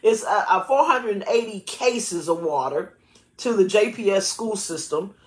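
A woman pastor preaches in an emphatic, lively way, laughing often between her words. Her voice sits at a middling pitch, and it rings in a roomy church space. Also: measured pace. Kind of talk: sermon and prayer.

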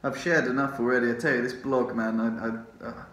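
Drowsy, rambling man vlogger on morphine, mid-pitched, echoey ward room. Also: fairly even intonation, a little fast, a bit bright. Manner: rambling, chatty, swears and laughs often. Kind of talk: casual vlog chat. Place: rehab hospital room. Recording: roomy echo.

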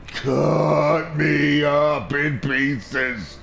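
Man, let's play commentary, taunting and profane, slow talker, faint hiss behind. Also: fairly high pitch. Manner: trash-talking, profane, taunting; repeats short phrases over and over. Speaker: gamer.

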